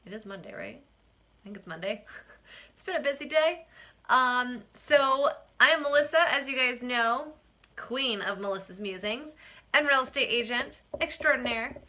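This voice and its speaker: A young woman hosting a casual live-stream vlog, chatty and animated, laughing often and acting out quoted exchanges. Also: fairly high pitch. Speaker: real estate agent and vlog host.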